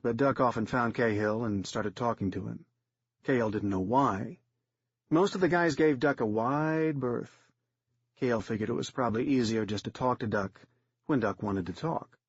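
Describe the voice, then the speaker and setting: Husky matter-of-fact man narrator. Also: mid-range voice, dry recording, dull audio. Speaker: audiobook narrator. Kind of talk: third-person audiobook narration.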